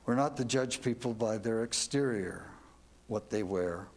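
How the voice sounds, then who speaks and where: A man's voice: lowish voice, measured pace, darkish tone. A man telling a devotional story as a sermon, earnest and reflective, ending with questions to his listeners. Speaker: preacher.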